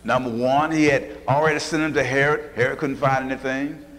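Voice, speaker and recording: A man preaches a sermon and retells Bible stories in a homey, folksy way. His voice sits at a medium pitch, and he slips into different voices for the people he describes. The sound rings with a long reverb, as in a large church hall. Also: steady tone, fairly quick, a bit bright. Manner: folksy storytelling, acting out Bible figures in varied voices.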